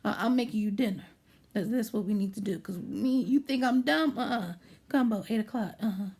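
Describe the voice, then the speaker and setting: A woman's voice: on the high side, a little fast, a little mellow, husky. A woman voicing a sly, scheming older woman with a mock-sweet, sing-song manner. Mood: sweetly menacing.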